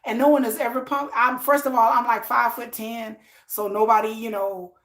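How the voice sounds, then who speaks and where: A woman in her thirties chatting on a live stream, telling animated stories and acting out what people said. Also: a little high, normal speed. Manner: animated storytelling, acting out quoted lines. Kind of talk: casual live-stream chat. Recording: echoey room.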